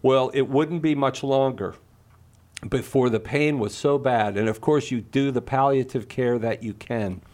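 A man's voice: mid-range voice, a little slow, darkish tone. A middle-aged man telling a personal story and arguing a moral point, earnest and passionate, often repeating words when stirred. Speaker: Catholic speaker.

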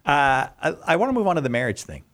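Halting, joking talk-show man. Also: on the high side, very animated, a bit bright.

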